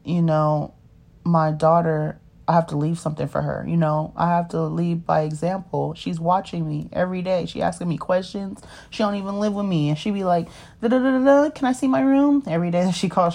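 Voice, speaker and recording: A woman's voice: on the low side, vocal fry, darkish tone. A woman, telling her life story in a rambling, casual way and often asking "you know what I mean?". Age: 30s. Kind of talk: casual personal monologue.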